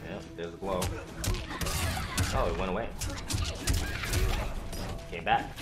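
A man streaming a fighting game live, talking to his viewers, thanking them for likes, and swearing and shouting when he gets hit. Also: deep voice, slow. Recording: roomy with game music behind.

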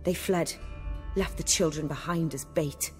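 Cold bossy noble lady, lowish voice, clipped. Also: measured pace, faint music behind. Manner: cool, clipped, commanding. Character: cold commanding noblewoman, orphanage patron.

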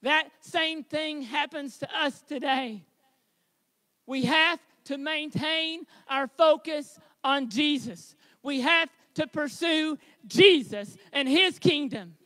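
A man preaching a sermon as pastor, with a high tenor voice, earnest and building to shouted exhortation. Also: takes it slowly, no echo.

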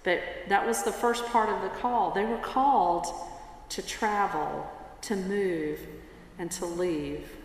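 A woman pastor preaching a sermon in a church sanctuary, telling a story in an unhurried way. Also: medium pitch. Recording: echoey church with long reverb, faint ambience.

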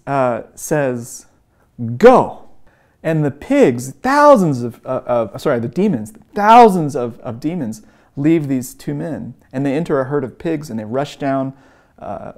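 A man's voice: mid-range voice, very animated, unhurried, a little mellow. A man teaching an evangelism course, retelling stories in an earnest way with frequent um and uh fillers. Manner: lifts his voice when acting out quoted lines. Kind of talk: teaching talk with retold stories.

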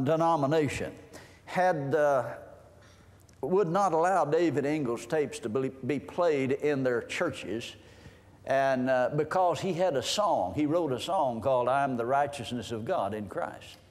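A man's voice: medium pitch, unhurried, darkish tone. A man preaching a sermon in a folksy way, reading scripture aloud and explaining it. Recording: long hall reverb.

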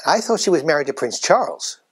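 A chirpy, clueless anchorwoman with an American accent, played by a sketch performer, asking bright questions with a lively, bouncing lilt. It is a sketch-comedy news desk. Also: medium pitch, brisk, slightly rough.

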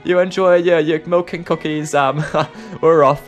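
Brief: young Aussie bloke, higher voice, bubbly role-play host, faint music bed. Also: male voice, measured pace. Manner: excitable, chatty, lots of laughs. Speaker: video host. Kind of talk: improvised game role-play.

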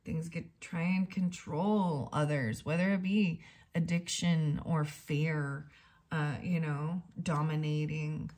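A woman's voice: sits low, steady tone, takes it slowly, a little mellow. A woman giving a casual tarot reading to her viewers, chatting and thinking aloud as she reads passages from a book. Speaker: tarot reader.

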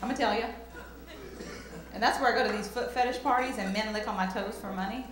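A woman's voice: mid-range voice, fast talker. Southern woman doing stand-up, echoey club. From Southern US countryside. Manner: drawling, self-mocking, breaks into shouted rap bits. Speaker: stand-up comedian. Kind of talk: stand-up comedy set. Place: comedy club stage.

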